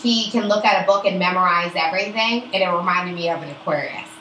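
A woman talks in an easy, unfiltered way as a podcast co-host, speaking bluntly and swearing freely. Her voice has a bright, forceful edge, and the room around her rings with echo. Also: fairly low pitch, fast talker, slight background noise. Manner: blunt, profane, emphatic. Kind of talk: casual chat about astrology. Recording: roomy echo.

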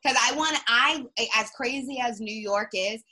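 A young woman in casual reality-TV chat, blunt and animated, swearing freely and mimicking people. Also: on the high side, measured pace, very noisy.

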